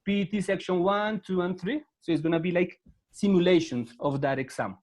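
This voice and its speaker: Teaching over a video call, this Latin American man speaks English with a Spanish accent in a high-pitched, slightly mellow voice at a fairly quick clip. His manner is patient: he repeats words and lays out instructions one step at a time.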